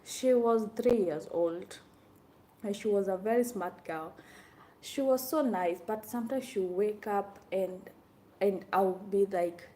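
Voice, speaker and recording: A young woman talking casually to viewers about her hard time working as a nanny, telling it in an animated, exasperated way. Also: medium pitch, takes it slowly. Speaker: former nanny sharing experiences. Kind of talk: casual vlog talk to viewers.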